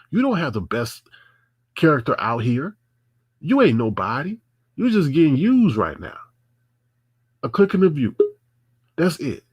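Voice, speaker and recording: Husky man ranting angrily on a livestream. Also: fairly high pitch, wildly swooping pitch, a little slow, long pauses, dry recording, dull audio. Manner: confrontational, repetitive, scolding. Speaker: livestream host. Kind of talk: angry livestream rant.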